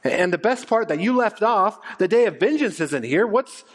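A man's voice: sits high, big pitch swings, normal speed. A man preaching a sermon who acts out the crowd's voices and often stumbles and repeats words. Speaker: pastor.

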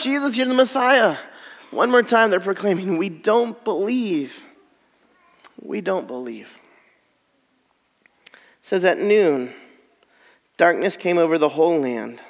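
Man, pastor, sermon, high voice, long hall reverb, drops to hushed whispers. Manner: reads scripture aloud with dramatic drops to near whispers.

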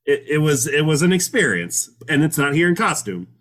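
Animated laughing man on a podcast. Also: on the high side, brisk. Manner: laughing, joking, swearing freely. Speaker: podcast co-host. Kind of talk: casual chat.

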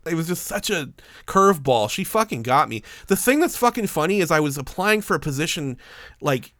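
A man's voice: fairly high pitch, very animated, a little fast, fairly bright tone, no echo, studio quality. A man casually telling a story to a friend, swearing often and laughing as he goes.

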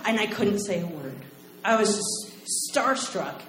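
A woman from Oklahoma telling a personal story to a live audience, animated and acting out voices. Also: mid-range voice, measured pace. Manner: animated, acts out voices and laughs. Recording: roomy live venue, faint noise.

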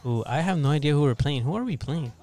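A man's voice: a little high, expressive, fast, dark tone, soft background music. A man hosting a casual podcast over a video call, upbeat and rambling, laughing often. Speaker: podcast host.

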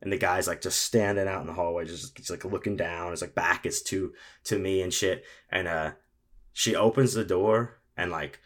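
A young man telling a long, animated anecdote in casual chat, with frequent fillers and swearing. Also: low-pitched, normal speed.

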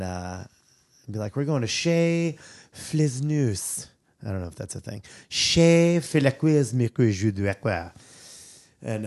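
Guy hosting a comedy podcast, gravelly, rambly and jokey, does dumb voices. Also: mid-range voice, a little mellow. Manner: rambling, jokey, breaks into silly quoted voices. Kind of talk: casual chat.

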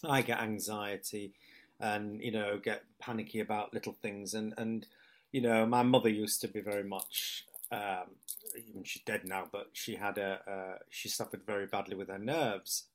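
A man's voice: fairly low pitch, level tone, moderate pace. Man in his fifties, an actor telling stories in a chatty interview, keeps quoting people. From Hull, England. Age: 50s. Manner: rambling anecdotes, quoting others, laughing often. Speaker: actor guest.

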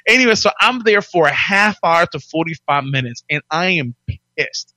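A man in his forties telling stories in a casual chat, animated, barking out impressions of drill instructors. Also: a little high, moderate pace, dry recording. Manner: animated, acts out drill instructors in loud barks. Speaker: podcast guest telling his life story.

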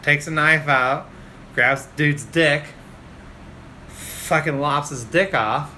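Man, podcast co-host, crude and animated storyteller, bright edge to the voice. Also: fairly high pitch, slow, slight background noise. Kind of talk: casual podcast chat.

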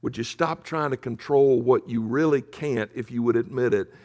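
A male pastor preaching in a conversational storytelling way, often dropping to a hush for emphasis. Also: medium pitch, moderate pace. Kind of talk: sermon storytelling.

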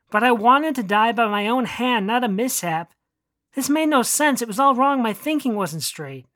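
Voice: mid-range voice, a bit bright, dry recording, clean studio sound. Earnest first-person story narrator. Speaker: narrator reading own story. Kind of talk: first-person fiction reading.

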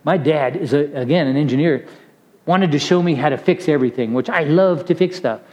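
A man's voice: a little high, brisk, darkish tone, in a large hall, rough recording. A middle-aged man preaching a casual, storytelling sermon to young people, chatty and self-deprecating, laughing at his own stories.

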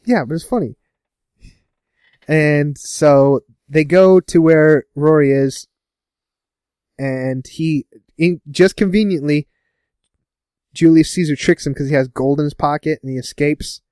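A man casually recapping a TV episode with a co-host, laughing often and putting on quick voices for the characters. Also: fairly high pitch, dark tone, clear, resonant tone, dry recording, clean studio sound. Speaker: podcast co-host.

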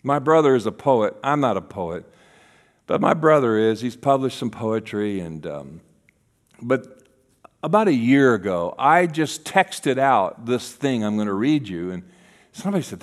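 A man preaching a sermon as a guest speaker, acting out voices in his stories and dropping to a hush for key lines. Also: medium pitch, moderate pace. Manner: animated, acts out voices in quotes, drops to a hush for key lines.

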